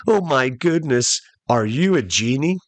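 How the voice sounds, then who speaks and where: Amazed castaway, high and eager ; a man performs him. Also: animated, measured pace, dry recording. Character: stranded man, easily amazed and excitable.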